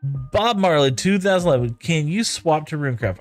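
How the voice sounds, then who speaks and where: A man talks casually through a live stream as he builds, reading viewers' comments aloud and thanking them. His pitch moves up and down a lot. Faint music plays underneath. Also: expressive, moderate pace. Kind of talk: casual live-stream chat while playing.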